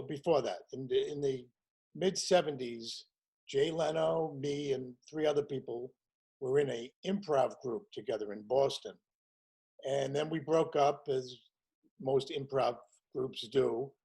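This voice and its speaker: A man in his sixties, a comedian guest telling his show business stories in a lively way and acting out the people he quotes. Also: mid-range voice, vocal fry, breathy edge, rough recording. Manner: animated storyteller acting out quotes in other voices. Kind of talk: casual storytelling chat.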